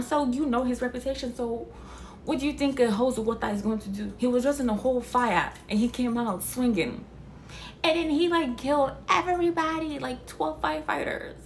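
Young woman vlogger, incredulous and expressive, fairly high voice, casual reaction chat. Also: moderate pace, slight background noise. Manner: animated, incredulous, swears freely. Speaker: vlogger reviewing a film.

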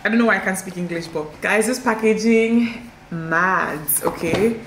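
A woman's voice: mid-range voice, moderate pace, fairly bright tone, reverberant, a little hiss or hum. A young woman, chatting effusively to viewers as she unboxes a haul at home. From Nigeria. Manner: effusive, exclaiming and addressing viewers as guys. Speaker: vlogger. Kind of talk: casual haul vlog.

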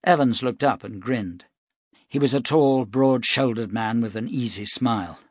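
Steady male audiobook narrator. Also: mid-range voice, unhurried, breathy edge, no room sound, studio quality. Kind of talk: scripted narration.

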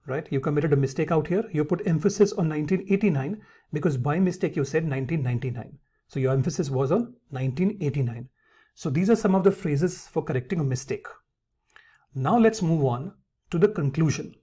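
Husky-voiced man teaching English phrases. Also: a little high, brisk, mellow. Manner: addresses viewers as friends, reads example phrases aloud. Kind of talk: instructional lesson.

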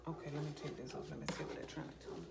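Low-voiced woman channeling spirit messages. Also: fairly even intonation, very fast, creaky, very noisy. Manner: loose and stream-of-consciousness, swears freely. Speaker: psychic medium. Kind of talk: casual spiritual channeling talk.

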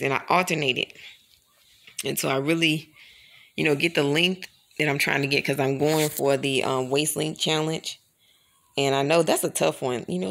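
A woman's voice: very deep voice, vocal fry, a bit bright. A woman vlogger chatting casually to her camera, rambling and calling her viewers y'all.

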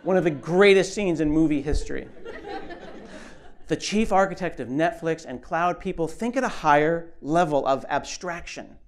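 Brief: a lively man on stage delivering a funny tech keynote, a touch higher-pitched, acting out the bits. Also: moderate pace. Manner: animated, joking, acts out voices. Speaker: keynote speaker. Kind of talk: comic conference keynote. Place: conference stage before an audience.

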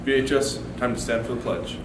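A man's voice: medium pitch, fairly even intonation, brisk, reverberant, big-room sound, distant mic, background noise. A teenage boy acting in a goofy, joking school comedy skit.

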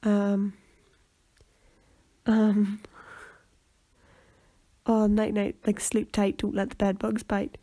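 A young woman co-hosting a podcast, relaxed and rambling in casual chat. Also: mid-range voice, extremely slow, long pauses, no room sound, clean studio sound. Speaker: podcast co-host.

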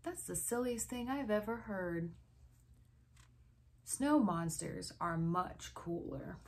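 A woman voicing a brash, bossy schoolboy in a storybook read-aloud, with loud, excited exclamations. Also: medium pitch, slow pace. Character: brash, bossy schoolboy who loves monsters.

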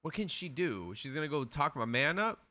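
Brief: male anime reactor, bright lively delivery, cursing, excitable banter. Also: fairly high pitch, normal speed, slight background noise. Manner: excitable, profane slang-heavy banter. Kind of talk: casual reaction commentary.

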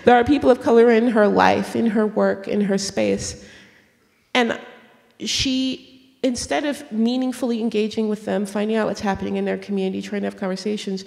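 A woman author in a stage conversation, telling stories in an animated way, laughing and acting out the people she quotes. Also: medium pitch, normal speed, gravelly. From United States. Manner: animated, laughing storyteller who acts out quotes. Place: auditorium stage. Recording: long hall reverb from a public event.

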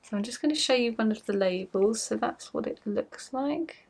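A woman's voice: a little high, moderate pace, gravelly, a little mellow, breathy edge. A woman hosting her craft podcast at home, chatting casually to camera in a rambling, self-mocking way.

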